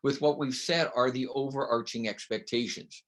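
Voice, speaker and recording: A man's voice: medium pitch, steady tone, normal speed. A man speaking as an interview guest, explaining with emphatic, coaching rhetorical questions. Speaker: guest educator. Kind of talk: conversational interview.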